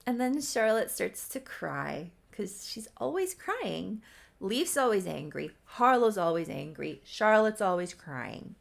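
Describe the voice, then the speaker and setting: Chatty woman with a gravelly fry. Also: mid-range voice, big pitch swings, slow. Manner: chatty, self-deprecating asides. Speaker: creator recapping her own game story. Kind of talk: casual storytelling recap.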